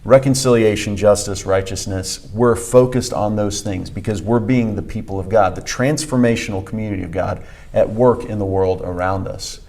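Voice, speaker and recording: A man's voice: on the low side, fairly even intonation, moderate pace, vocal fry, darkish tone. A man co-hosting a church podcast, teaching conversationally and emphatically, repeating key phrases with frequent fillers. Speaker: pastor and podcast co-host.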